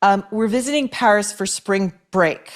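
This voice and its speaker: A woman's voice: mid-range voice, unhurried. A woman hosting a podcast, reading advice letters and listener emails aloud and answering them with blunt, sarcastic, profane commentary. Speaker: podcast host.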